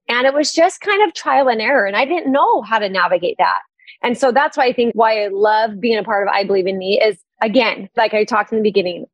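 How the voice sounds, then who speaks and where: A woman's voice: fairly high pitch, no echo. A woman talking animatedly and enthusiastically as an interview guest. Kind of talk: interview conversation.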